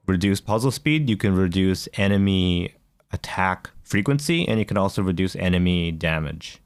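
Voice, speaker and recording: Low-voiced man rambling on a podcast. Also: lively intonation, moderate pace, clean tone, dry recording. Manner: rambling, many fillers and restarts. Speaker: podcast co-host. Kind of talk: casual chat.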